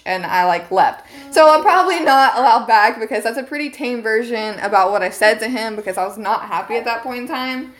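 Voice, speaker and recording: A young woman on her stream recounts a story to her viewers in a loose, chatty way. She sounds animated and indignant and swears freely. Her voice sits a little higher than most. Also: brisk, hardly any pauses. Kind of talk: casual storytelling to a live stream.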